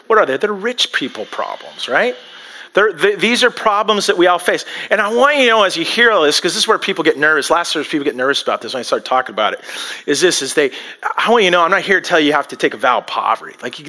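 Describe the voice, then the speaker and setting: Middle-aged male pastor, high and bright, chatty sermon delivery with humor and slow emphatic repeats. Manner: conversational, self-deprecating humor, repeats phrases, draws out key lines slowly.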